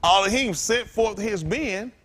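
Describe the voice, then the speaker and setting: A man's voice: high voice, a little slow, slight background noise. A male pastor preaching a sermon, telling personal stories in loose, everyday talk. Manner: animated preaching with loose vernacular storytelling.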